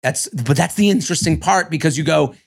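Gravelly high-voiced man recapping reality TV. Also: brisk. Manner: animated, swearing, acts out cast members in exaggerated voices. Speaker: podcast co-host. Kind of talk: casual reality-TV recap chat.

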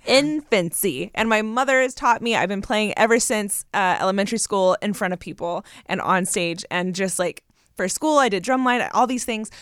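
A woman's voice: medium pitch, normal speed, fairly bright tone, smooth, dry recording, studio quality. A woman telling a story in casual chat to viewers, laughing often and restarting her sentences. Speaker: co-host.

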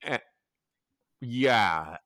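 A man's voice: medium pitch, drawn-out words, no room sound, studio quality. A man hosting a casual podcast chat, telling stories with acted-out quotes and plenty of swearing. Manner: animated storyteller, acts out quotes, swears freely. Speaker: podcast host.

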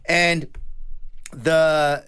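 A man talks in an animated, emotional casual chat, swearing now and then. His voice sits high and sounds bright and forceful. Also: extremely slow, clean tone.

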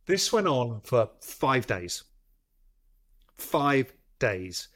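Man, interview guest, storytelling, mid-pitched voice, animated, restarts sentences. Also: slow pace. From United Kingdom. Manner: lively, acts out phone calls, frequent restarts. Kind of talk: storytelling in a long-form interview.

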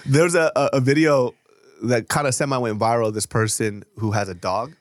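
A man's voice: mid-range voice, fairly even intonation, moderate pace, dry recording, clean studio sound. A man chatting casually, telling a story with swearing and laughter. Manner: laid-back, profane, laughing storyteller. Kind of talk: casual chat while eating.

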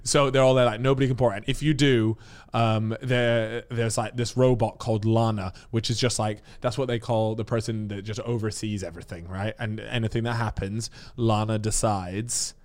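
A man in casual chat, telling a story with lots of slang and animated asides. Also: fairly low pitch, normal speed.

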